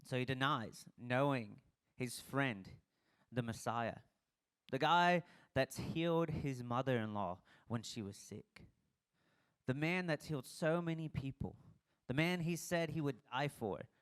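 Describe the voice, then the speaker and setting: A man's voice: mid-range voice, a little slow, a bit bright, smooth. A young man preaches in a casual, conversational style. He retells the scripture like a story and acts out the dialogue of the people in it. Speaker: pastor. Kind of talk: casual sermon.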